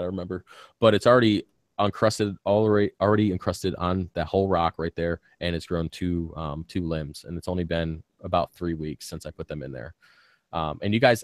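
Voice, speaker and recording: A very low-voiced man chats loosely on a live stream, piling on ums and uhs and dropping casual swear words. A bitten tongue gives him a slight lisp. The sound is close and dry, with no room echo. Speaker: reef aquarium channel host.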